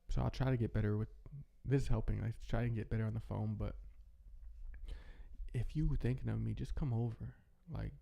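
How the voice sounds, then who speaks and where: A man hosting a casual, rambling monologue, talking in a relaxed way with many restarts. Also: mid-range voice, gravelly, dull audio. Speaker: host.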